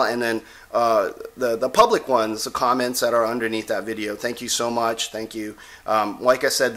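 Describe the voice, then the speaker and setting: A man talks to camera in a casual, wandering vlog. He drifts from point to point and keeps checking in with the viewer. His pitch sits in a middling range. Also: fairly bright tone. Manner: rambling, digressive, with frequent "okay?" check-ins. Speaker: vlogger and self-styled reverend. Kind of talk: casual rambling vlog talk. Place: Texas.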